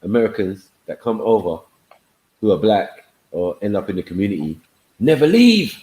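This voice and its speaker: A man's voice: fairly low pitch, very animated, moderate pace, a little mellow, reverberant, poor audio. A man, chatting easygoing on a live online panel and often asking "you get me.". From England.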